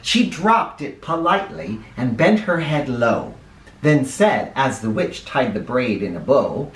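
A man reading a children's picture book aloud in a playful, animated way. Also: medium pitch, a little slow. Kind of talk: read-aloud storytelling for kids. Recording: echoey room, mic at a distance.

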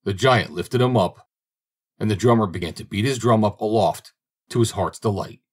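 A man reading a fairy tale aloud as an audiobook narrator, in a steady, measured storytelling manner. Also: fairly low pitch.

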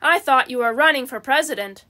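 A woman's voice: high voice, fairly quick, bright, forceful tone. Woman reading as a startled grumpy husband. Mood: surprised. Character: grumpy middle-aged husband, sceptical.

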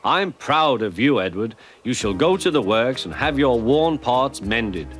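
A formal, firm-but-fair railway boss handing out praise and orders, as a narrator voices him. His pitch moves a lot, with music behind. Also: lively intonation, a little slow, close to an everyday voice. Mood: approving. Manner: formal, approving.

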